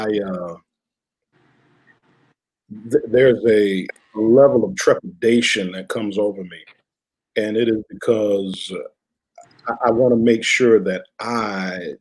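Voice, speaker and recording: A man's voice: lowish voice, darkish tone, slightly rough, rough recording. A man, a bishop hosting a church discussion, responding in a reflective, prayerful way. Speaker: bishop and host.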